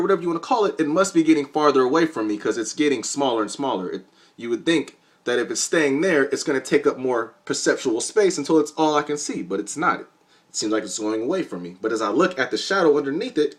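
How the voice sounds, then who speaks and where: A young man tells a far-fetched story to his viewers with a wildly swinging, expressive voice. His manner is playful and conspiratorial, as if letting them in on a secret. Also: fairly high pitch. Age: young adult. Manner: animated, jokey, conspiratorial. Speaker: vlogger. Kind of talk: comedic storytelling vlog.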